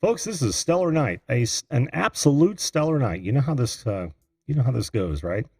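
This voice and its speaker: Husky, animated middle-aged man hosting. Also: medium pitch, a little fast, no room sound, clean studio sound, faint music behind. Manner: chatty, easily flustered, frequent laughs. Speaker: host of a live call-in show. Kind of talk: live-stream chat, reading viewer comments.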